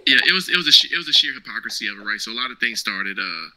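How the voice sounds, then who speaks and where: Fast, forceful man telling stories. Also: medium pitch, rough recording. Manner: animated, slangy, acts out quoted dialogue. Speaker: guest, former Marine now cloud engineer. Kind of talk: casual storytelling interview.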